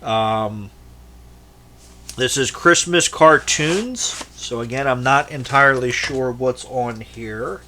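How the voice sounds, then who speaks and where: A man speaks slowly in a mid-range voice with a sharp tone, over slight background noise. He's a VHS collector vlogger giving a casual show-and-tell of his tapes, rambling on and swearing freely amid his jokes.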